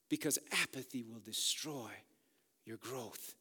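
A man preaching a sermon, energetic, swinging from loud urgent exhortation to quiet emphasis. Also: fairly high pitch, moderate pace. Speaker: pastor. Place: church sanctuary. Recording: long hall reverb with faint guitar behind. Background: soft guitar music.

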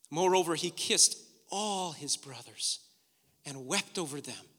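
High, bright-voiced male preacher in a reverberant hall. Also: measured pace. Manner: swings from loud urgent preaching to hushed near-whispers. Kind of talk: sermon.

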